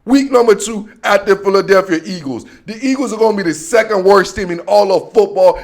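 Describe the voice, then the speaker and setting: A man hosting a casual sports show, making playful, slangy predictions about the coming season. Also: high voice. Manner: playful trash talk with slang. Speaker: sports podcast host.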